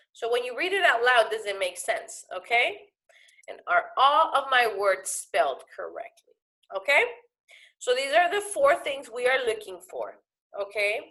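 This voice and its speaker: Lady teacher doing a recorded lesson, kinda high voice, patient, keeps saying okay?. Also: sharp tone. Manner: checks in often with "okay?", patient and explanatory. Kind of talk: recorded classroom lesson for students.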